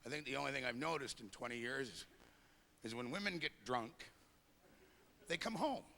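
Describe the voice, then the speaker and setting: A middle-aged man doing stand-up comedy, animated and acting out quick bits of dialogue, recorded live with a loud crowd. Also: mid-range voice, heavy background noise.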